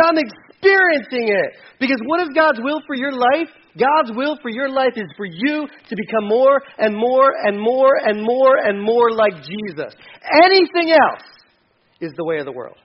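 A man with a high voice preaches a sermon. He is animated and often jumps up in pitch to act out voices. The recording sounds dull and lo-fi. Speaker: pastor.

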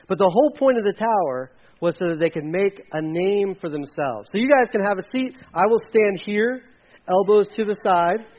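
High-voiced joking preacher man. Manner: playful, joking. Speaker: pastor. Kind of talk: sermon with audience volunteers. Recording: dull lo-fi sound.

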